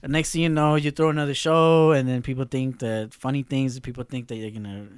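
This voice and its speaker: A streetwise man speaks with emphasis and sprinkles "bro" through everything he says. His voice sits at a middle pitch. The recording is dry and close. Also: fairly even intonation, fairly quick, smooth, dry recording. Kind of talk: casual chat.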